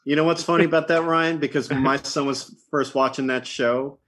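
A man's voice: fairly high pitch, fairly even intonation, fairly quick, fairly bright tone. A father chatting casually on a podcast, amused and chuckling. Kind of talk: casual chat.

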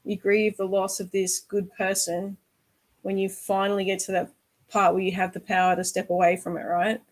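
A woman's voice: medium pitch, flat delivery, moderate pace, low-quality recording. A woman hosting a candid conversation, earnest and reflective, often asking "right?". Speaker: host.

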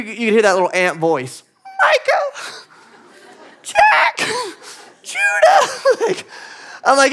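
A pastor, a man in his thirties, preaching a sermon in a conversational, animated way with playful asides. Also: high voice. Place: church stage.

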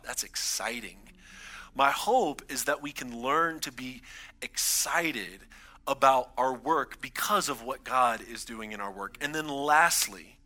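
A man's voice: medium pitch, pushed and bright. A man in his thirties, a pastor, gives a conversational sermon in a church and builds emphasis on his key points.

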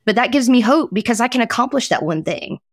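A woman's voice: on the high side, lively intonation, quick pace, no room sound, clean studio sound. A woman co-hosting a podcast, speaking in a heartfelt, reflective way and chiming in with affirming words. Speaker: podcast co-host. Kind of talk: casual chat on hope and mental health.

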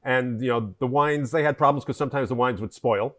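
A man's voice: mid-range voice, a little fast, a bit bright. A man, a wine importer, talking as a podcast guest and explaining history at length, with many fillers and restarts. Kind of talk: conversational interview.

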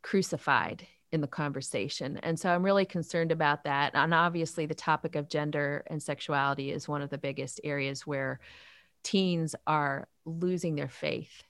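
A woman in her fifties who leads a youth ministry, answering interview questions in an earnest, animated way. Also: deep voice, moderate pace, dry recording, studio quality. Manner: earnest, animated storytelling with faith talk. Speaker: author and youth ministry leader.

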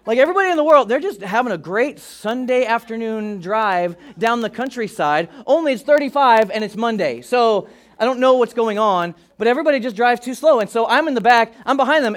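A male pastor preaching a sermon to a church, telling funny stories in a lively way. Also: very high voice, fairly quick. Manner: animated, humorous storytelling. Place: church auditorium.

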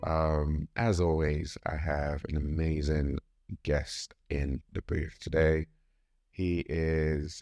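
A man's voice: very deep voice, flat delivery, takes it slowly, a little mellow, no echo, clean studio sound, faint music behind. A man hosting a podcast interview, asking upbeat, teasing questions. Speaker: podcast host. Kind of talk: conversational interview. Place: podcast booth.

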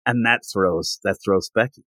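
A man's voice: fairly low pitch, normal speed, a bit bright, no room sound. A man hosting a podcast, recapping a manga chapter in a rambling, casual storytelling style full of fillers. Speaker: podcast host.

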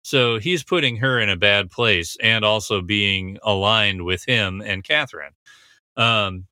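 This speaker is a commentator dissecting a TV scene, going back over what was said in a relaxed, analytical tone and stopping often on fillers. His fairly low voice carries a very bright, sharp edge, captured dry and close with no echo.

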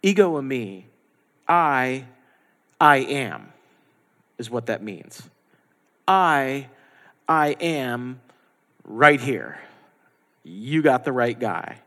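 A man preaching a sermon as the pastor, animated and lively, acting out the quotes he tells. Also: mid-range voice, very slow, pauses often. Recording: long hall reverb.

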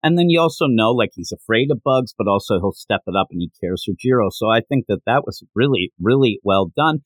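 A man talking casually on a podcast, his pitch swinging up and down as he gets excited about scenes. He often laughs mid-sentence. The sound is dry and close, with no room around it. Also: brisk, no room sound, poor audio. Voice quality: animated, laughs while retelling scenes. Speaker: podcast co-host. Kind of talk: casual manga discussion.

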